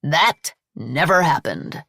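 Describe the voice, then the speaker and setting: A woman voicing a defiant, quick-tempered man who blusters and threatens. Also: low-pitched, big pitch swings, sharp tone, breathy edge, no room sound, studio quality, exaggerated voice. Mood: defensive.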